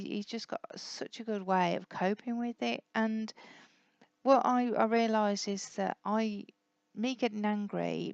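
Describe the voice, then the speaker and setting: A woman's voice: mid-range voice, a little mellow, clean tone, dry recording, dull audio. A middle-aged woman talking casually to her family in a rambling, candid way, often correcting herself. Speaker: blogger addressing her family. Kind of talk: casual personal talk.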